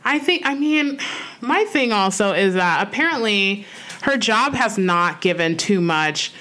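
A woman's voice: medium pitch, animated, unhurried, pushed and bright. A woman co-hosting a podcast in casual conversational chat, earnest and reflective, with frequent "like" and "you know" fillers. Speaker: podcast co-host.

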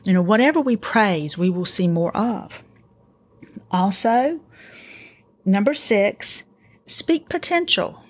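A middle-aged woman hosting a casual faith-based parenting talk, earnest and encouraging, telling family stories in an animated way. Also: mid-range voice, takes it slowly, pauses often, husky. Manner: earnest, encouraging, animated storytelling with acted quotes. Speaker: podcast host.

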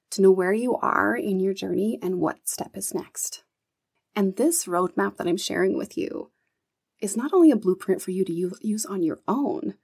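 A woman's voice: medium pitch, vocal fry, darkish tone, breathy edge. A woman hosting her own podcast, talking earnestly and encouragingly, with casual swearing and an emotional edge. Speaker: podcast host. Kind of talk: solo motivational podcast talk.

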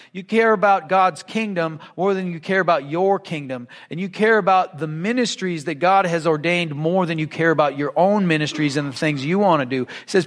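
A man with a high, ringing speaking voice preaches to his congregation. He is earnest and emphatic. He reads a passage, then breaks it down plainly. A long reverb hangs in the church around him. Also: a bit bright. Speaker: pastor. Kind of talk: sermon. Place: church sanctuary.

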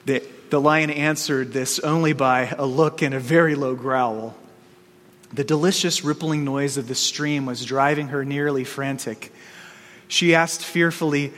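A man's voice: medium pitch, fairly even intonation, a bit bright. A male pastor preaching a sermon and reading a story aloud, speaking in an earnest, storytelling manner. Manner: slow, earnest storytelling with small restarts. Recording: long reverb in a large hall.

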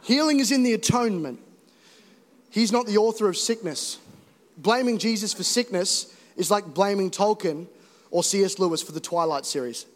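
Young male pastor, high voice, jokey then fervent sermon, long church-hall reverb. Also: normal speed. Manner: animated, joking, rising to emphatic exhortation. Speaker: preacher. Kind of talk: energetic sermon.

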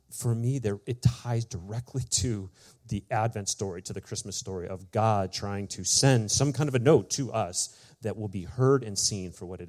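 A man, the pastor, telling a personal story in a sermon, chatty and full of "like" and "you know", acting out each quoted line with big jumps in his voice. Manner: animated storyteller, acts out quoted lines with big pitch jumps; casual, many fillers like "like" and "you know".

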